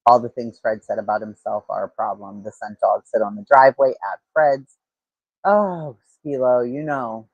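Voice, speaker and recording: Husky-voiced man rambling on a livestream. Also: medium pitch, no room sound, muffled recording. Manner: rambling, thinks aloud, frequent fillers and restarts. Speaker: true-crime livestream host. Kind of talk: casual livestream commentary.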